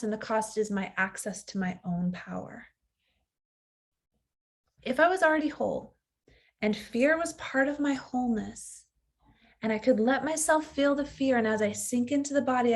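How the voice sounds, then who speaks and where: Woman in her thirties, fairly high voice, earnest, reflective coach teaching a lesson. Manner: earnest, acts out inner voices of fear.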